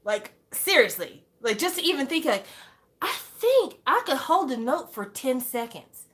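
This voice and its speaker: Animated young woman gushing casually. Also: high-pitched, moderate pace. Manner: animated, exclaiming, rhetorical questions. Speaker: fan vlogger. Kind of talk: casual fan monologue.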